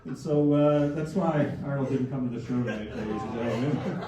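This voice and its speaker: A man's voice: mid-range voice, brisk, warm tone. A man in his thirties from Canada doing a self-deprecating stand-up set, rambling with fillers and slipping into put-on voices. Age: 30s. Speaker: stand-up comedian. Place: comedy club stage with a live audience. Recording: echoey club from a distant mic, crowd laughter.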